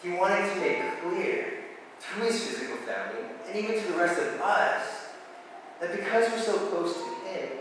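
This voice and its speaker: A man's voice: high-pitched, lively intonation, normal speed, background noise. A man preaching a sermon, talking to the congregation in a conversational way with relatable asides. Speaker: pastor. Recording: echoey hall, voice from far off.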